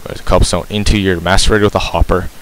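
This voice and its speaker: Low-voiced man explaining a game, rambling. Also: little pitch movement, rapid-fire, rough recording. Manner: rambling, self-correcting, frequent ums. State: breathing heavily. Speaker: game tutorial maker. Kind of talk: casual gameplay tutorial. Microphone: cheap mic very close to mouth.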